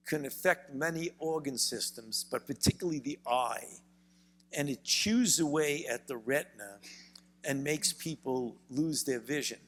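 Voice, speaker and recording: Older brooklyn guy, gravelly, talks slow and careful with lots of repeats, reverby hall. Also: mid-range voice, a bit bright. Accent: Brooklyn, New York. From United States. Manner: measured storytelling, frequent repeated words. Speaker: physician and author, interview guest. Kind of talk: onstage conversation. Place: university event hall.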